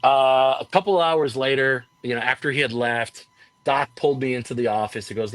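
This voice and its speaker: A man's voice: a little fast, dry recording. A man who works as a wrestling commentator, telling a story as an interview guest in casual talk, acting out the quotes of others with a raised voice. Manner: animated storyteller, acts out quotes with raised pitch.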